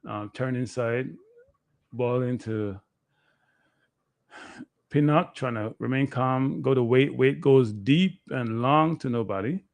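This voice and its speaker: A man, a guest analyst giving excitable live play-by-play commentary on a match he is watching. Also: medium pitch, takes it slowly, creaky, pauses often, no echo. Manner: excitable, play-by-play that bursts into shouting.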